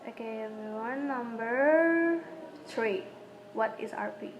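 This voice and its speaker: A young woman whose first language is Indonesian, a student reading her prepared exam answers aloud in short, halting phrases that often stumble. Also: on the high side, dull audio, slight background noise.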